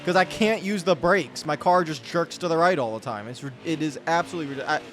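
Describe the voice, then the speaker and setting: A gaming channel host commentates his own racing gameplay, rambling, cutting himself off, and ranting in exasperated frustration. He talks fast in a fairly high-pitched, fairly bright voice with a little hiss or hum, over game music and car engine sounds.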